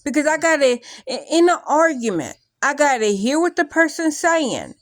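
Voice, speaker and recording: A young adult woman talking through her feelings in a rambling, animated vlog, full of likes and restarts. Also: sits high, moderate pace, dry recording. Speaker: vlogger. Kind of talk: casual confessional talk to camera.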